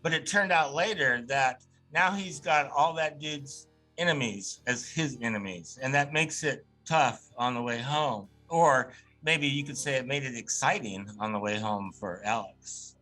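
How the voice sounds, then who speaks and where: A man's voice: medium pitch, measured pace, pushed and bright, soft background music. A man chatting casually about history, adding wry comments to his co-host's story. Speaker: podcast co-host. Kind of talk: casual comedic history chat.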